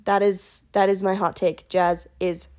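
A woman's voice: mid-range voice, flat delivery, a little slow, a little mellow. A young adult woman hosting a solo podcast, chatting in a bubbly, self-mocking way. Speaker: podcast host. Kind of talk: casual solo podcast chat.

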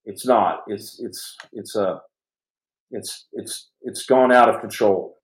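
A man's voice: fairly low pitch, takes it slowly. A middle-aged man hosting a live podcast, talking fervently to viewers in a rambling way with many restarts. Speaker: podcast host. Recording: roomy echo.

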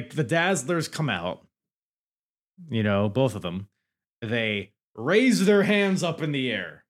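A man hosting a podcast, recapping matches in a loose, chatty way. He jokes, swears and restarts his sentences often. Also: medium pitch. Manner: rambling, joking and profane, with many restarts. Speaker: wrestling podcast host. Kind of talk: casual show recap.

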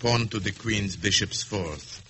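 Bored, sardonic villain general. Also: male voice, on the low side, bright, forceful tone, slight background noise. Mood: cool. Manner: sardonic, contemptuous, measured. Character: bored, cruel middle-aged male general. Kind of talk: 1950s radio drama acting.

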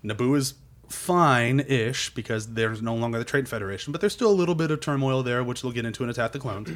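A man recapping a film in casual chat, animated and swearing, acting out quotes in goofy voices. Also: mid-range voice, fast.

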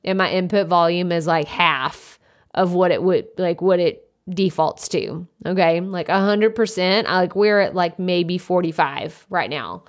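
Chatty loud-talking woman podcaster. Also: fairly low pitch, unhurried. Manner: chatty, lots of "like" fillers, self-described loud. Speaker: podcast host. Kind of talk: casual solo podcast advice. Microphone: desktop USB microphone.

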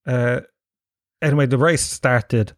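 Irish man with a kerry accent, mid-pitched voice, rambling comic story, swears a lot, dry close sound. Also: steady tone, slow pace, no echo. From Ireland. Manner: rambling, self-mocking, swears freely. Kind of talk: storytelling monologue.

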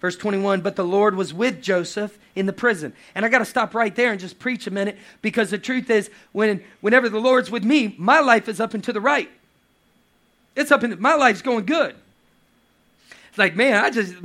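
A man preaching a lively sermon with playful asides and acted quotes. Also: high-pitched, normal speed. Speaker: pastor.

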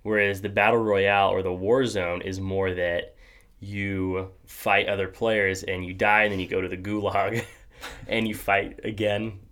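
A man's voice: sits low, level tone, a little slow, a bit bright. A young adult man hosting a podcast in casual chat, rambling with many fillers and restarts and laughing often. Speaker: podcast host.

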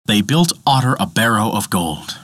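A male storyteller reading a myth with dramatic expression, his voice rising and falling in lively arcs. The recording is close and dry, with no room echo. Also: lowish voice, normal speed, slightly rough. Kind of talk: storybook narration.

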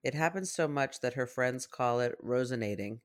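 Podcast co-host, casual chat, wry, calm, mid pitch. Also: moderate pace. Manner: wry, calm, reads listener posts aloud.

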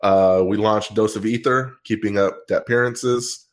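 A man's voice: on the low side, fairly even intonation, moderate pace. A man co-hosting a podcast, giving a breezy rundown in casual chat. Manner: breezy, rundown-style listing. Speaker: podcast co-host.

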